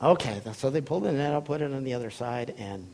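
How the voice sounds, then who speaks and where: A man preaching a sermon, telling a story with animated voices and frequent laughs. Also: mid-range voice, fast talker.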